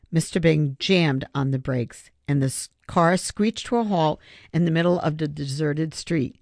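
A narrator reading a children's novel aloud in steady audiobook narration. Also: medium pitch, moderate pace, vocal fry, no echo, clean studio sound. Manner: steady storytelling.

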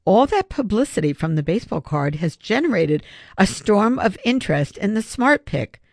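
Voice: mid-range voice, lively intonation, moderate pace, gravelly, no echo, studio quality. A narrator voicing an earnest father who sighs over money troubles. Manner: sighing, earnest. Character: worried father with an invention.

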